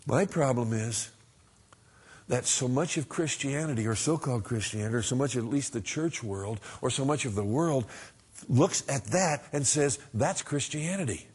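Husky-voiced middle-aged male pastor preaching. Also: medium pitch, moderate pace. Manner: earnest, conversational preaching with emphatic swings from loud to hushed. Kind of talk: sermon.

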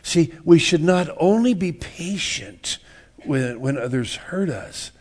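A man's voice: on the high side, expressive, slow, a little mellow, breathy edge. A man preaching a sermon in a church, folksy and joking, repeating words and acting out little everyday scenes. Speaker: pastor.

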